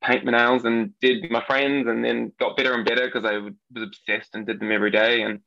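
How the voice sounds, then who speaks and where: A man's voice: medium pitch, level tone, a little fast, gravelly, sharp tone, no echo. A man in his thirties with a New Zealand accent, chatting as a podcast guest in a giggly way with many ums. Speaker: podcast guest, nail artist. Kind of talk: casual interview chat. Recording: dull, lo-fi dry remote audio.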